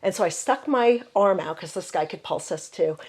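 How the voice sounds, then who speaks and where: A woman's voice: mid-range voice, animated, moderate pace, breathy edge. An older woman herbalist with a Midwestern American accent telling stories casually in an interview, full of "you know" fillers. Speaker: herbalist guest.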